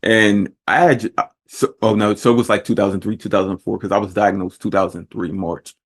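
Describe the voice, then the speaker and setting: A man's voice: fairly low pitch, steady tone, brisk, breathy edge. A man hosting a podcast who talks in a thoughtful way and often restarts his sentences. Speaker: podcast host. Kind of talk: casual conversation.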